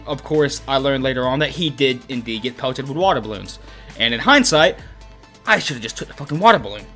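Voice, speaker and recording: A young man casually telling a story, animated and profane, acting out his own quoted lines. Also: medium pitch. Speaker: channel host.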